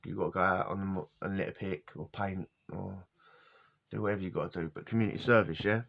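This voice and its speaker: A man's voice: low voice, fairly even intonation, fast, vocal fry. A middle-aged man, telling rambling personal stories as a vlogger, casual and wandering, laughing often and losing his words. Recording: dull lo-fi recording.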